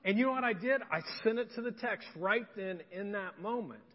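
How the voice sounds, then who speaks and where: A man's voice: high voice, brisk. A man, a pastor, giving a chatty, joking sermon in a church. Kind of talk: conversational sermon. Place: church sanctuary. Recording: lo-fi with long hall reverb.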